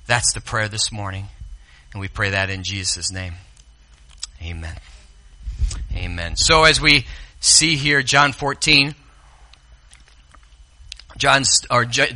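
A man preaching a sermon as pastor in a church sanctuary, dropping to soft asides and rising to loud, drawn-out quotes. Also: mid-range voice.

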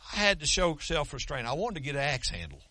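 Brief: pastor in his 60s, forceful, folksy sermon, dry close sound. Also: on the high side, big pitch swings, a little fast, dry recording. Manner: folksy storytelling with humor.

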